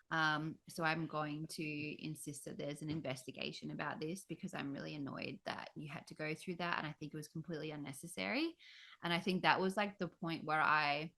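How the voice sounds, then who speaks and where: A woman on a podcast quietly recounting a painful birth experience in her own words. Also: low-pitched. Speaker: podcast co-host. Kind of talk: personal storytelling.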